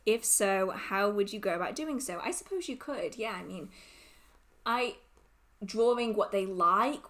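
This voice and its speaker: A woman hosting a casual livestream Q&A, reading out viewer questions and answering them in a giggly, rambling, emotional way. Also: mid-range voice.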